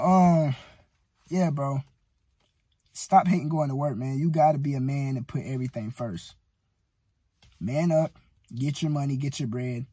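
A man's voice: medium pitch, darkish tone, slightly rough. A young man giving a casual, profane motivational rant as a vlogger. He talks bluntly and pushily and keeps saying "bro".

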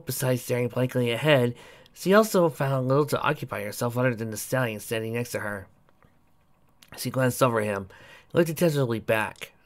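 A man reading fan fiction aloud steadily, with occasional playful asides. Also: medium pitch.

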